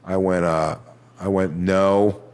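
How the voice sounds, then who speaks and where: A man doing a stand-up set, telling a crude story in a deadpan way and mocking other people with put-on voices. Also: mid-range voice, moderate pace. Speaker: stand-up comedian.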